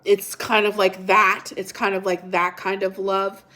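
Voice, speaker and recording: This middle-aged livestream host has a medium-pitched voice that sounds pushed and bright, with a flat, unhurried delivery. During her casual devotional chat she reads out scripture and viewer comments, repeating herself and hesitating over pronunciations.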